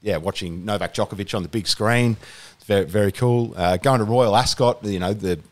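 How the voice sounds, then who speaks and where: A man's voice: lowish voice, fairly quick. A young Australian man as a podcast guest, chatting casually with lots of fillers and restarts. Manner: rambling, many fillers and restarts. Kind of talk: casual chat.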